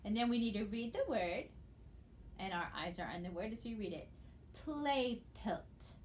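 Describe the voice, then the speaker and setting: A woman teaching a recorded phonics lesson, speaking patiently and encouragingly and spelling out letters slowly for her students. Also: mid-range voice, slight background noise. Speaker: reading teacher.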